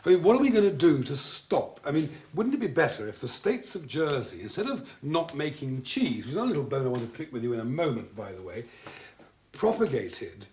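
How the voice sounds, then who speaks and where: A man's voice: fairly high pitch, big pitch swings, fairly quick, darkish tone, reverberant. A man hosting a 1980s TV cooking show, theatrical and teasing as he chats with a guest. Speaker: TV cook host. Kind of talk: casual chat. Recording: faint hiss on 1980s TV audio.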